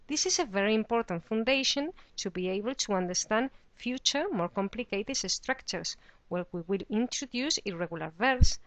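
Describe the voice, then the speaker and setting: A woman's voice: medium pitch, lively intonation, moderate pace, dry recording. A woman teaching a beginner lesson, explaining patiently and saying the example words with careful pronunciation. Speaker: Spanish teacher. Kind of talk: slow, clear teaching explanation.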